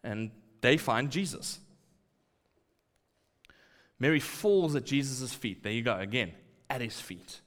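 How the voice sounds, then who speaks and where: A man delivers a sermon in a hall with a long reverb tail. His pitch sits mid-range, and he acts out quoted lines and drops into hushed asides. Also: animated, slow pace, long pauses. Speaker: preacher.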